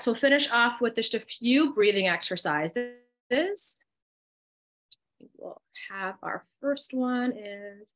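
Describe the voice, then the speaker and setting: A woman's voice: medium pitch, sharp tone. A middle-aged woman with a New Jersey accent co-hosting a live online workshop. She reads out chat comments and guides the group through breathing exercises step by step. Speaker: co-host and coach.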